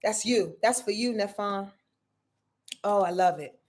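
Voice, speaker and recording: A woman astrologer with a mid-range, slightly mellow voice hosts a live weekly forecast at a measured pace. She speaks straight to her viewers, calling them "y'all" with affection, in an emphatic, preachy style that repeats phrases for effect.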